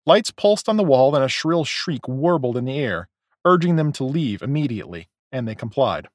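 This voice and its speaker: Male audiobook narrator, mid-pitched, animated rise and fall, dry close recording. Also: moderate pace, no room sound. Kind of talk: scripted narration.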